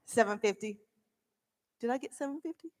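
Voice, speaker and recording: Woman calling bids in a hall. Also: fairly high pitch. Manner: rapid repetitive bid calling, playful. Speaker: auctioneer. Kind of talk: charity auction calling. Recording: reverberant event hall.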